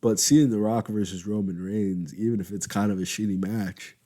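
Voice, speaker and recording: A man's voice: lowish voice, moderate pace, dark tone. A young man hosting a casual wrestling commentary show, rambling and conversational, yawning now and then. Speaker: wrestling podcast host.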